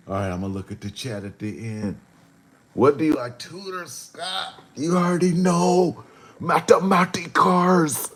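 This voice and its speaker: A man hosting his own livestream, rambling to his chat in a slow, drawn-out way with sudden animated jumps. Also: medium pitch. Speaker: rapper hosting a livestream show.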